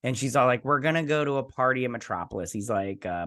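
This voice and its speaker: A man hosting a casual episode recap, chatty and animated, slipping into playful voices as he retells scenes. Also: medium pitch, brisk, hardly any pauses. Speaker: host.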